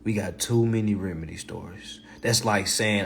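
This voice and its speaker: A man hosting a livestream in a blunt, profane, passionate rant, repeating himself and swinging between loud and low. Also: moderate pace, creaky, a little hiss or hum. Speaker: livestream host.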